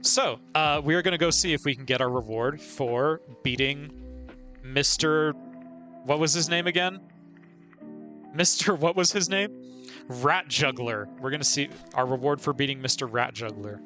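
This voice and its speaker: Male streamer, bright, forceful voice, chatty play-by-play with frequent laughs. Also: medium pitch, lively intonation, normal speed, soft background music. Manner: chatty, laughs often, narrates own moves. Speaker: game streamer. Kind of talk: casual live gameplay commentary.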